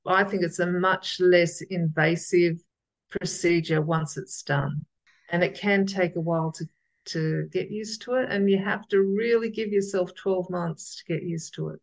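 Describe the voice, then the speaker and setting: Aussie woman, gravelly lowish voice, rambly guest chat, keeps restarting. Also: measured pace, rough recording. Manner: chatty, rambling, restarts sentences often. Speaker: podcast guest. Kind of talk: casual interview chat.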